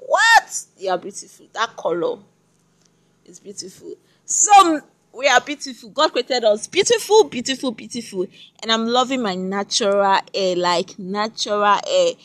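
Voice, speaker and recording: A woman hosting her own podcast in a chatty, rambling solo monologue, often repeating herself. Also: on the high side. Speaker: podcast host.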